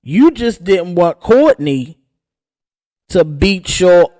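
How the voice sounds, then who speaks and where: A woman's voice: on the low side, big pitch swings, takes it slowly, mellow. A woman hosting a gossip channel who rants in a sassy, sarcastic way. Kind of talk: casual gossip rant.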